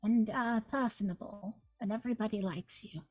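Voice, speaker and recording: A woman's voice: medium pitch, normal speed, darkish tone, dry recording, faint music behind, rough recording. A woman running a tabletop game as guest game master, chatting in a playful, joking, rambling way on a livestream. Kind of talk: casual livestream chat.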